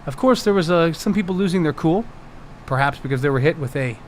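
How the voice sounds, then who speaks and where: A man's voice: fairly high pitch, very animated, a little slow, pauses often, slight background noise. A man who runs a tabletop game, chatting casually on a live stream from home, laughing often and swearing freely.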